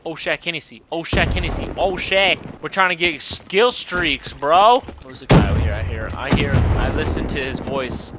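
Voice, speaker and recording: A young man giving profane live commentary on his own gameplay, muttering one moment and shouting the next. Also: on the high side, moderate pace, hardly any pauses, very noisy. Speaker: gaming commentator. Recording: loud game gunfire behind voice.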